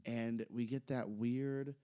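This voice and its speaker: A man with a medium-pitched, clean-toned voice speaks slowly as a podcast co-host recapping wrestling in casual chat. His delivery rambles with hesitations, and he gets excited.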